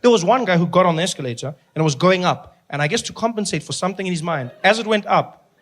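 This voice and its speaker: A man telling stand-up stories to a live audience, animated and acting out his characters. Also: high voice, fast. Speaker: stand-up comedian. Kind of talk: stand-up comedy storytelling. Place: comedy venue with a live audience.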